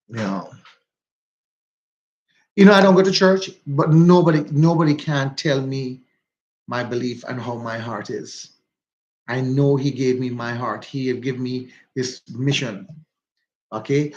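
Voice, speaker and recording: Jamaican man, mid-pitched, casual livestream host, repeats himself, greets viewers by name, slightly dull phone audio. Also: a little mellow, slight background noise. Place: walking outdoors.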